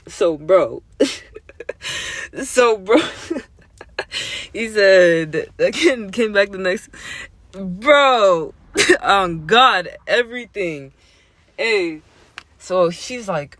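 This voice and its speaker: A man hosting a casual show, telling a story in an animated, slangy, profane way, often laughing. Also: high voice, extremely slow, long pauses, no room sound. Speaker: host.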